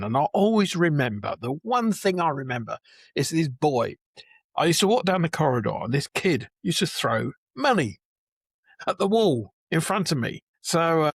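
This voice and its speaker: A man's voice: fairly high pitch, slightly rough, no room sound, studio quality. A man in his seventies, a Jewish educator, chatting as a guest and telling stories with restarts and chuckles. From England. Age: 70s. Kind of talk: conversational interview.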